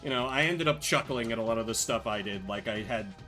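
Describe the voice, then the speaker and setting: A man's voice: medium pitch, quick pace, bright, forceful tone, faint music behind. A young man streaming a game, telling rambling stories full of fillers in a casual chat. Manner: chatty, rambling storytelling with many fillers. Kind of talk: casual gameplay commentary.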